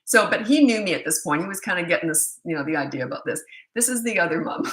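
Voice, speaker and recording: A middle-aged woman gives parenting advice in a blunt, animated way, acting out the people in her stories. Her voice is bright and forceful. The echo of a roomy space hangs around it. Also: on the low side, fast. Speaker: parenting coach. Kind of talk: casual storytelling advice talk.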